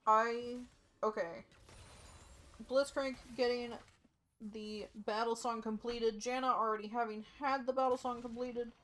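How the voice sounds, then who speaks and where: A young woman casting a live esports match in a relaxed play-by-play, tired and yawning. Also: a little high, measured pace. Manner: sleepy, yawning, casual play-by-play. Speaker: esports caster.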